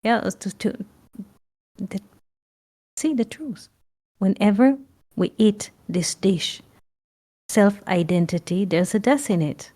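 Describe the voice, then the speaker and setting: Slow, emphatic woman teaching. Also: mid-range voice, mellow. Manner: earnest, emphatic, repeats phrases, blunt swearing. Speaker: spiritual teacher. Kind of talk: spiritual teaching talk.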